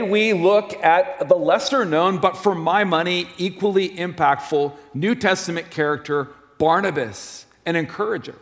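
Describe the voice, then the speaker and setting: A man preaching a sermon as a pastor in a church, in a friendly, conversational manner with personal stories. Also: sits high. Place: church sanctuary. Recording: long reverb of a church hall.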